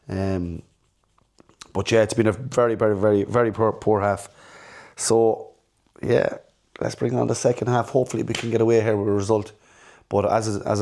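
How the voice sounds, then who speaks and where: Guy, fairly low voice, rambling fan chat, blunt and repeats himself a lot. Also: vocal fry, dark tone. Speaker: football fan channel host. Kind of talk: casual fan reaction chat.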